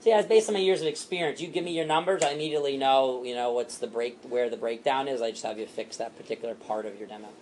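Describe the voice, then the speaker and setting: A man training a sales team, animated and repetitive, acting out what to say to customers. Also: mid-range voice, slight background noise. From Italian heritage. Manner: animated, fast and repetitive, acts out customer lines.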